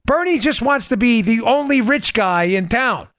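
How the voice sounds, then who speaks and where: A man hosting a political podcast, delivering a sarcastic, animated commentary monologue. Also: normal speed, no room sound, clean studio sound. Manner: animated, sarcastic, mimics people in high voices. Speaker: podcast host.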